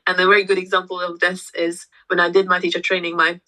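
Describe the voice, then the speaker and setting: Bright-toned, hesitant woman yoga teacher. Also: on the low side, completely flat delivery, fast, rough recording. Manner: hesitant, with frequent restarts and fillers. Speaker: yoga teacher and podcast co-host. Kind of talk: conversational explanation.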